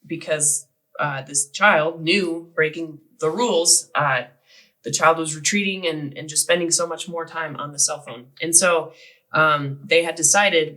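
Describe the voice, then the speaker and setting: A man speaking from a church stage, telling a story in a conversational, halting way. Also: a little high, fairly even intonation, bright, forceful tone, rough recording. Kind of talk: sermon storytelling.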